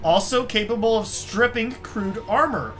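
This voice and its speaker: A young man co-hosting a casual let's-play, reacting loudly, swearing and reading item text aloud. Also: high voice, unhurried, soft background music. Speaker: co-host of a gaming channel.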